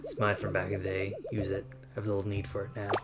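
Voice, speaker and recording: A woman's voice: a bass voice, completely flat delivery, fast. A woman voicing a stern old male shopkeeper and mentor in a video game, reading his lines with a lecturing manner over game music. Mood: scolding.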